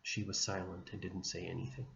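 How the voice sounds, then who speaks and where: A man teaching religion by retelling a saint's life gently and without hurry, with small restarts along the way. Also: sits low, monotone, brisk, gravelly. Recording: dull, echoey room recording with faint hum.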